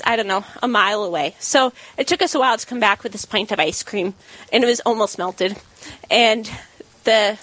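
A woman co-hosting a talk radio show, telling a story in a casual, animated way and acting out the quotes with laughs. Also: on the high side, no room sound. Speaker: radio co-host.

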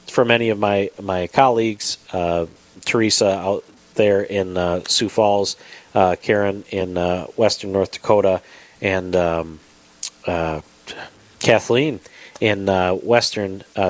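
A man's voice: on the low side, no echo. A man hosting a radio show in a studio, talking casually with many fillers and restarts.

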